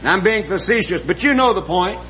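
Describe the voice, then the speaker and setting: High, bright-voiced male preacher. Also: animated, fairly quick, slight background noise, low-quality recording. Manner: earnest, folksy, asks the congregation questions. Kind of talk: sermon.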